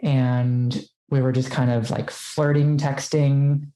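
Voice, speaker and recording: Rumbling low and dark, this woman's delivery is flat and slow. As a podcast guest she chats through a personal story, quoting herself and using lots of "like," in a rough recording with an echoey room.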